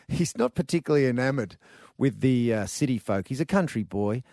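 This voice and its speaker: A man's voice: medium pitch, animated, moderate pace, darkish tone. A male radio host telling a wry story on a breakfast show.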